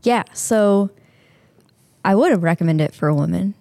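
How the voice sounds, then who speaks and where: A young woman deputy tells her work stories in a relaxed interview, laughing often as she goes. Her voice sits at an ordinary middle pitch, close and dry with no room around it. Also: moderate pace, gravelly, no room sound. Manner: laughs often, animated anecdotes. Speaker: sheriff's marine deputy, guest. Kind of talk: casual interview storytelling.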